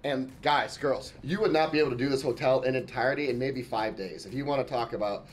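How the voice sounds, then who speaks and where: A man's voice: mid-range voice, fast talker, slight background noise. A man giving a casual, enthusiastic tour of a hotel suite, chatting and thinking aloud as he walks through the rooms. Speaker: hotel reviewer. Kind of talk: casual room-tour vlog.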